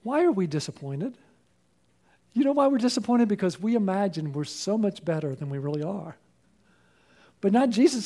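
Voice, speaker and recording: High-voiced preacher man, mellow tone. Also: animated, moderate pace. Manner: emphatic, rising sharply when quoting and urging; asks the congregation call-and-response questions. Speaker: pastor. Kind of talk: sermon.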